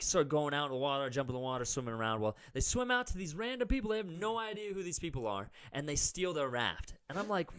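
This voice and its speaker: A young man co-hosting a podcast, telling a story in a casual, animated way, full of "like" and loud acted-out quotes. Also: mid-range voice, clean tone. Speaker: podcast co-host.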